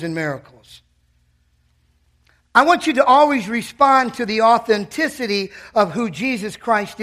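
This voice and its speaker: A man preaching a sermon in a church, impassioned, breaking into loud shouted bursts. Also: sits high.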